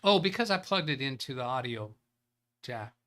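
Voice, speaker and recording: A man hosts a casual live tech show, his voice bright and sharp-edged at an ordinary middle pitch. Expressive and at a normal speed, he reads viewer chat and thinks aloud while working, rambling and chuckling between points.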